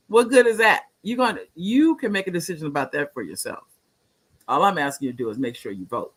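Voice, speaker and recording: A man's voice: fairly high pitch, lively intonation, fast talker, breathy edge. A man in his late sixties hosting a live-streamed talk show, speaking earnestly, repeating phrases for emphasis, and reading viewer comments aloud. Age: 60s.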